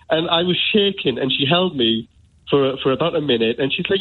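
This caller, a Geordie man from Newcastle, England, speaks fast and animated in a fairly high voice. Over a tinny radio phone line he rambles through a heartfelt personal story, saying "you know" again and again.

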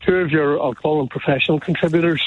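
A man from Northern Ireland with a Northern Irish accent, calling a radio show, a bit out of breath, measured and polite. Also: a little high, steady tone. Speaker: caller. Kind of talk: phone-in call. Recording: tinny phone line, very dry.

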